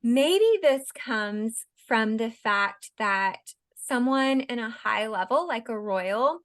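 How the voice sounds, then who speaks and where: A woman co-hosting a podcast, her voice sitting a little high. She thinks aloud in casual chat, hesitating and leaning on "you know" as she works through ideas. She speaks into a podcast mic. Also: takes it slowly, fairly bright tone. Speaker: podcast co-host.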